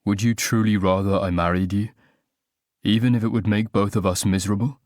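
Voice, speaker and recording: A man reading an audiobook, voicing a formal young man who is choked up and apologetic, speaking in a soft, halting way. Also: lowish voice, steady tone, no room sound, clean studio sound, lightly acted.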